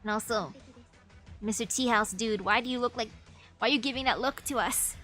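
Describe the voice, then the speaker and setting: High-voiced playful woman streamer. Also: brisk, faint music behind. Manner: playful, animated, switches voices for characters. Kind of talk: reading game dialogue aloud with commentary.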